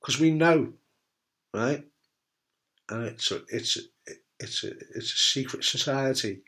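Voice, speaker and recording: With a medium-pitched, sharp voice and a slightly slow delivery, this middle-aged man from the UK talks candidly to camera about surviving testicular cancer and gives advice. His style is blunt and joking, with casual swearing and repeated "right?"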